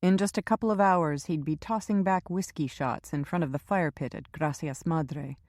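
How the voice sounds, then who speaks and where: A woman narrating a crime thriller audiobook in a measured, steady reading on a close mic. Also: deep voice, no room sound. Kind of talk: scripted narration.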